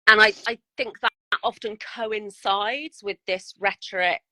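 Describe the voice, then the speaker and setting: A woman's voice: medium pitch, unhurried, sharp tone, dry recording, low-quality recording. A woman, a guest miniature painter, chatting bluntly and frankly on a podcast and swearing freely. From United Kingdom. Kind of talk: casual podcast chat.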